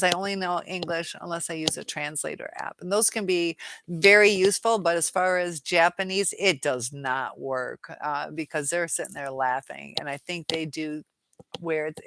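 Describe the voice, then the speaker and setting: A woman hosting a casual live chat, reading out viewer comments, chatty and quick to laugh. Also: low voice, fairly bright tone, a little hiss or hum.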